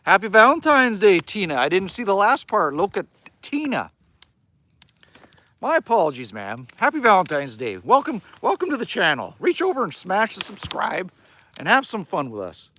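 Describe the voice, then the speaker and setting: Canadian male streamer, high and animated, rambling casual chat, a little salty. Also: moderate pace, a little hiss or hum. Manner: chatty, rambling, casually swears. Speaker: livestream host. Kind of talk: casual live-stream chat reading viewer comments. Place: outdoors by a fire.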